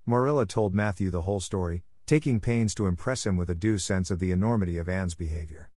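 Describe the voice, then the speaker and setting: A man narrates a classic novel in a steady, even reading with a rather low voice. The recording is close and dry, with no room sound. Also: quick pace, hardly any pauses, no echo. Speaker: audiobook narrator. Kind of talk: scripted narration.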